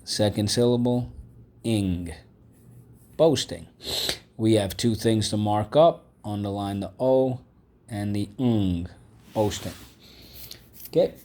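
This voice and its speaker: A man's voice: fairly low pitch, takes it slowly, pauses often, warm tone. A man teaching a vocabulary and phonics lesson, patiently repeating each word and asking the class to say it back. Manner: patient, repeats words and asks the class to echo them.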